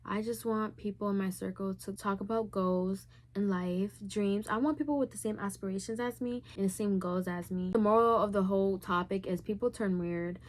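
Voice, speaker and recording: A woman's voice: medium pitch, normal speed, few pauses. A young woman of Puerto Rican heritage answering viewer questions in a casual, candid vlog, talking freely and filling her sentences with "like". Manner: candid and chatty, heavy use of "like". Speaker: YouTuber.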